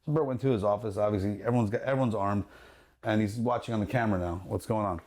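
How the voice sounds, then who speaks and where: Fast-talking man telling a profane story. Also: medium pitch. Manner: animated, profane, acts out quotes with laughs. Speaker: luxury watch and jewelry dealer. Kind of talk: casual storytelling in a podcast chat. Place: his jewelry store.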